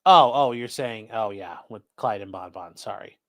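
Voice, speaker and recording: A man's voice: lowish voice, moderate pace. A man hosting a livestream, commenting on court filings in a mocking, profane way. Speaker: livestream host. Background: live chat stream.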